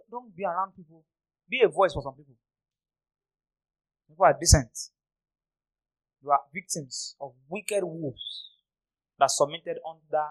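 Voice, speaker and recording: High-voiced preacher scolding loudly. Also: male voice, no room sound, rough recording. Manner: storytelling, scolding, bursts into loud exclamations. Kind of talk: sermon.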